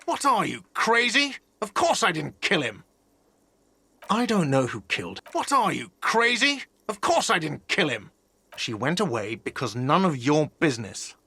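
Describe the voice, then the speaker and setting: Whiny, touchy cafeteria manager. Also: male voice, on the high side, huge pitch swings, a little slow, sharp tone, husky, dry recording, full character voice. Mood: irritated. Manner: indignant, snippy retorts. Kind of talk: video game voice acting.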